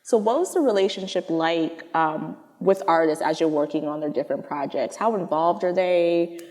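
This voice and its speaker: A woman's voice: lowish voice, moderate pace, darkish tone. A woman interviewing a guest, listening attentively and putting in frequent short affirmations. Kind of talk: conversational interview. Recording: long hall reverb.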